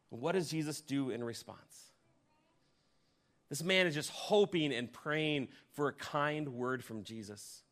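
Fairly high-voiced man preaching a sermon. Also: animated, moderate pace. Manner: vivid storytelling, swinging between loud emphasis and hushed near-whispers; addresses the congregation directly with questions. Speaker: pastor.

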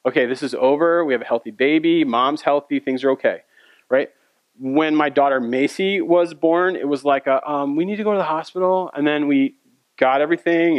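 A man's voice: medium pitch, dry recording, highs cut off. A man preaching a sermon as pastor, telling a personal story in a conversational way with asides to the congregation.

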